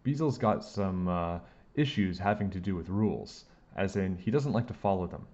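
A man's voice: sits low, lively intonation, normal speed, dark tone, highs cut off. A man voicing a gossipy woman makeup artist who talks in a matter-of-fact way.

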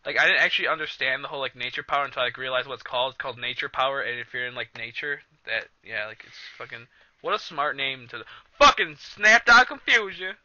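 A man commentating a video game in a loud, profane, excitable way, recorded on a cheap computer mic. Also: medium pitch, fast, dull audio. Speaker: let's play host. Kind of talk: casual gameplay commentary.

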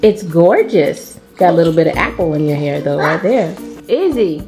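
A woman and mother of twins chatting casually in a family vlog at home, playful and quick to laugh, teasing her kids in baby talk. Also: lowish voice, lively intonation, music in the background.

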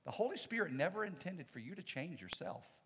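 A man, a pastor, preaching a sermon with dynamic swings from loud to soft. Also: on the high side, sing-song, a little fast, in a large hall, a little hiss or hum. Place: church sanctuary.

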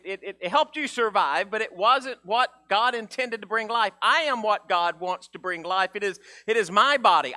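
Bright, high-voiced male pastor preaching. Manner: conversational, animated preaching with frequent restarts and acted quotes. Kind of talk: sermon.

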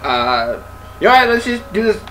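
Bright-voiced young man gaming banter. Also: high voice, sing-song, normal speed, slight background noise, rough recording. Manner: joking, bantering. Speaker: let's play host. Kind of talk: casual gaming commentary.

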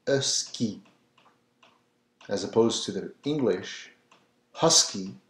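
A man teaching French pronunciation, repeating each word slowly and patiently for the learner. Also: on the low side, a little mellow. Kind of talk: slow, patient pronunciation lesson. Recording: echoey room.

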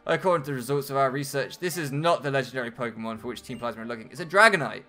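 A British man voicing a stern older male villain sage in a measured, cold way. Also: mid-range voice, bright, forceful tone. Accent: British English.

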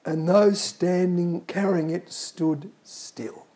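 A man's voice: high-pitched, fairly even intonation, slow, mellow. A man preaching a sermon, emphatic and calling out to the congregation.

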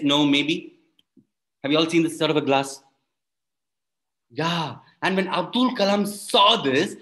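A man's voice: on the high side, a bit bright. A man telling a story performatively to children and adults, often quizzing the audience.

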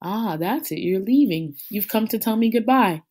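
A woman reading the lines of a young man who talks softly and tenderly to his falcon. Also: medium pitch, expressive, moderate pace, voice pushed up, natural voice.

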